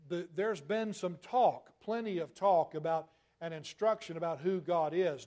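A man preaching a sermon, asking rhetorical questions and slowing down to stress key phrases. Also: fairly high pitch, darkish tone.

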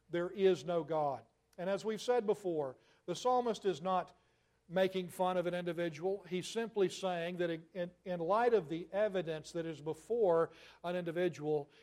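A man preaching a sermon with emphatic, deliberate delivery, leaning on rhetorical questions and drawn-out stresses. His voice sits a little higher than most men's. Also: a little mellow.

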